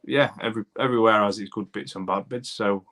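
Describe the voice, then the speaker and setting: A man with a Lincolnshire accent chats casually on a live stream, reading out viewer comments. His voice sits a bit low, and he rambles in a friendly, matey way with plenty of ums and restarts. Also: steady tone, quick pace, fairly bright tone. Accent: English, Lincolnshire. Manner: chatty, matey, rambling with fillers. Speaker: YouTube channel host reading live chat.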